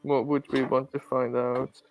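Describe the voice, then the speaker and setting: A woman's voice: extremely low pitch, level tone, unhurried, creaky, a little mellow, soft background music. A woman playing a tabletop game who talks hesitantly, with many fillers. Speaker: player. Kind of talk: casual tabletop play.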